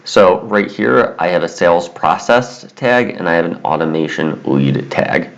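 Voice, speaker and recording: A man giving a casual, step-by-step software walkthrough as a tutorial presenter. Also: low-pitched, vocal fry, muffled recording. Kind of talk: screen-recorded software walkthrough.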